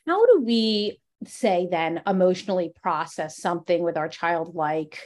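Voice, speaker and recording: A woman's voice: lowish voice, lively intonation, a little slow, a little mellow. A woman hosting a casual podcast interview, asking long, searching questions full of fillers and backchannels. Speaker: podcast host.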